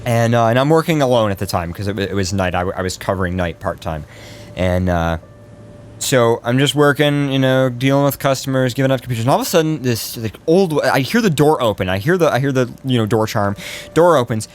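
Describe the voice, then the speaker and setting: Animated, rambling male podcast host. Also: mid-range voice, fairly quick. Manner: rambling, restarts stories with fillers. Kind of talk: casual post-show chat.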